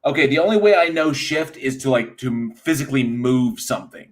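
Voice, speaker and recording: A man's voice: mid-range voice, expressive, brisk. An American man with a Georgia accent in casual livestream chat, blunt and cursing. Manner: blunt, swears, protests loudly. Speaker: co-host.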